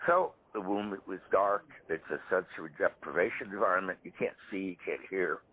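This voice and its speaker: A man in his seventies, a parapsychologist guest, telling stories in a lively way in a live interview. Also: sits low, a little fast. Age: 70s. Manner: animated storyteller. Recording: tinny phone-line audio.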